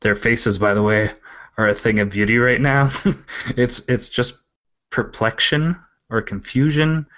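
A man's voice: medium pitch, fairly even intonation, a little slow, a bit bright. Guy hosting a chatty podcast, laughs a lot, trips over words, kinda muffled sound. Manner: laughing, stammering restarts. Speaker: host. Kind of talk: casual podcast banter.

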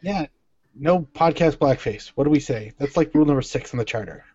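A man co-hosting a podcast in casual chat, dropping quick wisecracks. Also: on the high side, animated, a little mellow, breathy edge. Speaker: podcast co-host. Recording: dry lo-fi podcast audio.

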